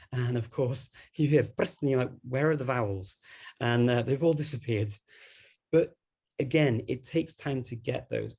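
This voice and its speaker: A man's voice: medium pitch, vocal fry, warm tone. A man with a Scouse Liverpool accent, giving an online talk in a chatty way and laughing between points. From Liverpool, England. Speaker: guest speaker on language learning.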